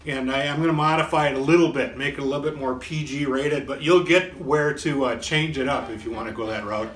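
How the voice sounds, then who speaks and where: A man's voice: mid-range voice, a little fast, fairly bright tone. A man hosting a casual pub chat, telling jokes in a rambling, folksy, self-deprecating way. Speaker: host. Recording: echoey room with faint guitar.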